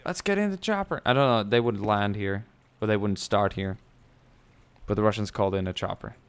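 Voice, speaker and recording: A man giving casual commentary over a war video game, excitable and swearing often, bursting into loud yelps. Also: fairly low pitch, brisk, smooth. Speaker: gameplay commentator.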